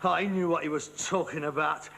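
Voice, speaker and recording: A man's voice: fairly high pitch, fairly even intonation, a little fast, creaky, a bit bright. An actor playing an exasperated, pompous socialist son, ranting and stumbling over his words. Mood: lecturing. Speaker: sitcom actor. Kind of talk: studio sitcom acting. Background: studio audience laughter.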